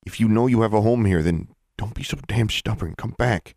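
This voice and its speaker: A man voicing a gruff, stubborn cop. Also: fairly low pitch, a little fast, a little mellow, no echo, clean studio sound, pitched above the performer's own voice, close to an everyday voice. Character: gruff, stubborn middle-aged male police officer.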